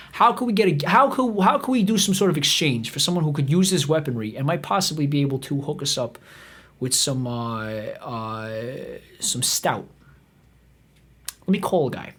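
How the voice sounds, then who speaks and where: A man hosting a comedy podcast, telling a meandering, profane story full of restarts and fillers. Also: mid-range voice. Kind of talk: rambling comic storytelling.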